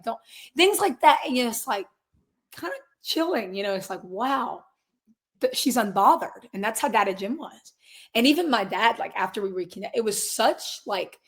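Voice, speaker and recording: A woman's voice: a little high, fairly bright tone. Earnest young woman telling a long story. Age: 20s. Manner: earnest, rambling, many restarts and quoted asides. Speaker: guest, singer and real estate agent. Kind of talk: casual conversational interview.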